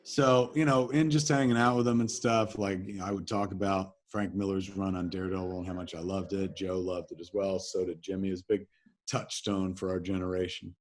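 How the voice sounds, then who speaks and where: A man from New Jersey, a guest in an interview, telling animated anecdotes in casual talk and swearing freely. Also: deep voice, fairly quick. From New Jersey, USA. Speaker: interview guest, filmmaker and comics writer.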